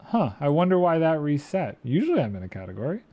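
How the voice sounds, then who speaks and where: A man's voice: on the high side, big pitch swings, quick pace, warm tone, no room sound, highs cut off. A man streaming a building game, chatting playfully and thinking aloud while reading chat. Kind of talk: casual gameplay commentary.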